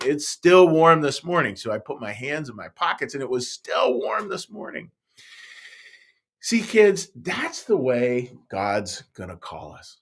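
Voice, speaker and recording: A man, a pastor, telling a Bible story to young children in a playful, animated way, speaking right to the kids. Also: mid-range voice.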